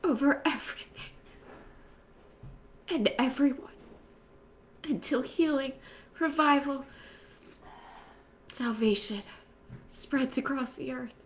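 A woman leading a spoken prayer for a women's group, calling out loudly at times and dropping to a whisper at others. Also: sits high, slow, long pauses, a little hiss or hum. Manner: swings from loud fervent calls to soft whispered prayer.

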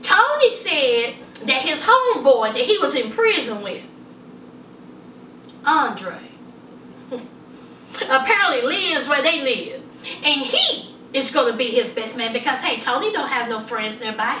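A woman's voice: high-pitched, pushed and bright, slight background noise. A woman giving casual, sassy commentary on a reality show, calling her viewers honey and child. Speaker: reality TV reviewer. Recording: roomy echo, distant from mic.

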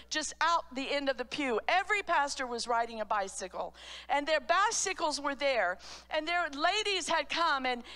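A middle-aged pastor's wife giving an earnest storytelling testimony sermon at a church meeting, growing fervent. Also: female voice, sits high, sharp tone. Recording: church hall reverb.

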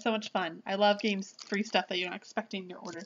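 A gushing, excitable woman chats her way through a home unboxing, breaking into delighted exclamations and quick apologies. The sound is a bit dull and lo-fi from the camera mic, with a faint hiss behind her. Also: mid-range voice. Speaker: vlogger. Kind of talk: casual unboxing chat.

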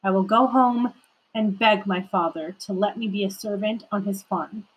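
A woman's voice: mid-range voice, fairly even intonation, normal speed, slightly rough, lightly acted, rough recording. A woman voicing a penniless young son who pleads humbly with his father in a storybook. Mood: weary. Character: desperate penniless young man.

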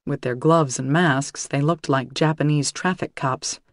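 Here a man with a rather high voice delivers scripted audiobook narration at an even, deliberate pace. It's miked closely and dryly, free of echo and room sound.

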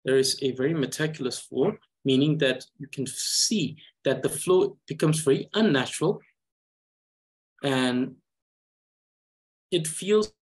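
A man with a Tibetan accent teaching a language reading lesson, talking slowly and carefully with frequent hesitations. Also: mid-range voice, husky. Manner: slow, careful, hesitant with many uhs. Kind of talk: slow reading lesson with explanation.

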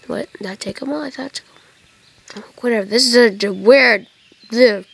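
A woman's voice: fairly high pitch, normal speed, vocal fry, long pauses, slightly rough. A tired woman giving casual, rambling commentary to viewers while playing a video game, joking as she goes. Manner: rambling, jokey, talks to viewers. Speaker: let's play gamer.

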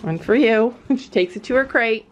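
Chatty woman vlogging outdoors, higher voice. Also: normal speed, muffled recording, a little hiss or hum. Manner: chatty, laughs often, coos at animals. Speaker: vlog host. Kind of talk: casual vlog chat. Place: outdoors on a cold horse farm.

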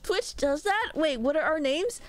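A young woman from Mexico streaming and chatting loosely with viewers, loud and rambling, often laughing at herself. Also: high-pitched, animated, no room sound, faint music behind. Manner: loud, rambling, self-mocking, quick laughs. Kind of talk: casual live-stream chat with viewers.

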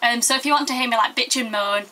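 A woman's voice: fairly high pitch, fast talker, sharp tone, far from the mic. A young woman from Yorkshire with a Yorkshire accent, giving a sarcastic, chatty comic how-to vlog. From Yorkshire, England. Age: young adult. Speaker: vlogger.

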